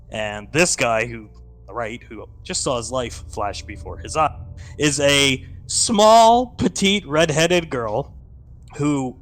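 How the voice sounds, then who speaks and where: A man narrating as game master, telling the scene with lively sound effects. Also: fairly high pitch.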